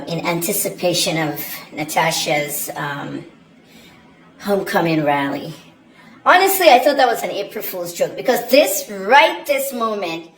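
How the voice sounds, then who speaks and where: Woman commentator, opinionated talk to camera, roomy echo with a faint hum behind. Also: sits low. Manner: opinionated, indignant, chatty. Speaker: journalist and commentator. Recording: echoey room with faint ambience.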